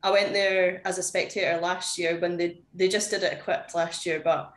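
A young woman, a powerlifter guest on a podcast, talking candidly and chattily with lots of "like" fillers. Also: lowish voice. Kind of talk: casual interview chat. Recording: echoey room.

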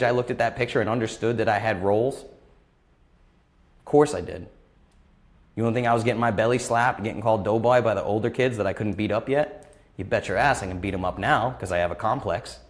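A man in his thirties hosting a live question-and-answer stream, talking bluntly and passionately and repeating phrases for emphasis. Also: on the low side. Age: 30s. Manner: impassioned, emphatic, gets worked up. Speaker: host of a live Q&A. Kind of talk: live-stream motivational talk.

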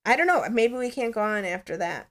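Woman, podcast host, casual chat, rambling and chatty, fairly high voice. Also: expressive, a little fast, fairly bright tone. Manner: chatty, rambling, many "like" fillers.

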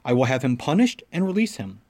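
A man voicing the Roman governor Pilate in a scripture reading, earnest and measured. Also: mid-range voice, very animated, a little mellow. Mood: insistent.

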